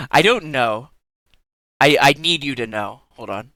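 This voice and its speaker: A young adult streamer talking in unhurried, casual live-stream chat. The pitch swings widely as they giggle and gush, with the odd swear thrown in. The sound is close and dry, with no room around it. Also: animated, sharp tone, dry recording.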